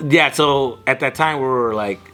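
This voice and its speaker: A young man telling loud, animated stories among friends, swearing freely and mimicking his dad. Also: mid-range voice, moderate pace. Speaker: guest. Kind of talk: casual storytelling among friends.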